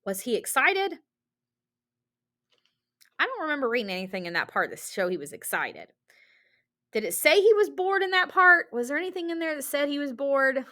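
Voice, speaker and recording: A woman teacher giving a recorded reading lesson to children in an animated, encouraging way, asking lots of rhetorical questions. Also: high voice, normal speed, long pauses.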